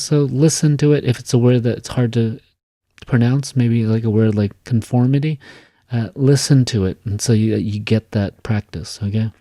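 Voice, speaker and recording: Mellow-voiced male teacher explaining a rubric. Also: mid-range voice, dry recording, studio quality. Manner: casual, lots of fillers and "okay?" checks. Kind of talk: recorded class lecture.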